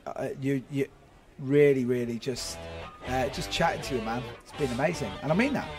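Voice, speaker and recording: A man's voice: medium pitch, normal speed, music in the background. Man, podcast host, brash, joking, casual interview chat. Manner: brash, joking, swears freely.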